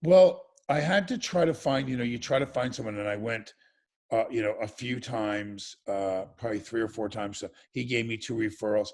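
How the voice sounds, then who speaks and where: Gravelly, husky man telling stories. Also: medium pitch, darkish tone. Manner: chatty storyteller, quick asides, many restarts. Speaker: interview guest, former reality show participant. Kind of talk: storytelling interview chat.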